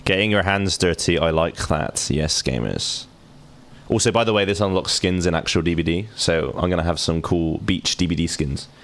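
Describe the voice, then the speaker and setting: A man's voice: deep voice, normal speed, fairly bright tone. A young man streaming a game, chatting casually and cracking sarcastic jokes while he reads the game text aloud. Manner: joking, sarcastic asides while reading. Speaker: gaming streamer. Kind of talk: casual let's-play commentary, reading game text aloud.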